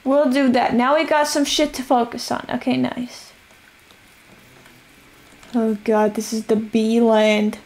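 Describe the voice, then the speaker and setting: Young woman gamer, hoarse, gravelly fry, rambling self-narration. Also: fairly high pitch, little pitch movement, slow, long pauses, a little mellow. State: voice going hoarse. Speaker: streamer playing a survival game. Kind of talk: casual live-stream chatter.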